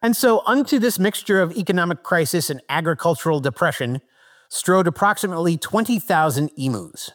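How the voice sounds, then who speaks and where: A man's voice: a little high, expressive, fairly quick, fairly bright tone. A man hosting a comedic history podcast, reading out the history and polling his panel with dry asides. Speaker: podcast host.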